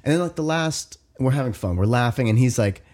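A man in his thirties with a mid-range voice tells a long story on a podcast. His delivery is animated and loose, packed with "like" and casual swearing. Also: mid-range voice, brisk, slight background noise. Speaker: podcast co-host. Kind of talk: casual chat.

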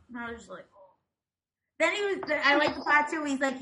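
A woman co-hosting a podcast in casual chat, animated and self-mocking. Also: a little high, brisk, slight background noise. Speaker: podcast co-host.

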